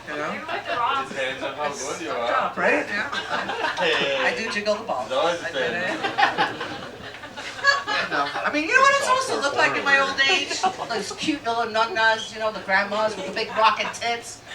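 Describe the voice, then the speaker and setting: A middle-aged woman doing a stand-up comedy set, brash and crude, rising to shouted rants. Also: fairly high pitch, very animated, fairly quick, hardly any pauses. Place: comedy club stage with audience. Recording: echoey room, distant mic, loud crowd noise.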